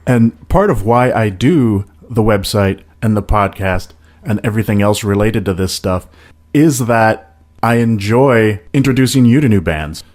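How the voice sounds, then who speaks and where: A man's voice: lowish voice, measured pace. Laid-back man hosting a metal podcast. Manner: relaxed, enthusiastic about music, some hesitations. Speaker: podcast host. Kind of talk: casual podcast chat about metal releases.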